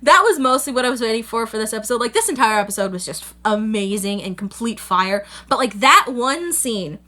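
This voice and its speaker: A woman's voice: on the high side, a little fast, bright, forceful tone. A young woman hosting a casual anime review, gushing and rambling with lots of fillers. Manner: gushing, rambling, full of "like" and "you know". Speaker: anime reaction host.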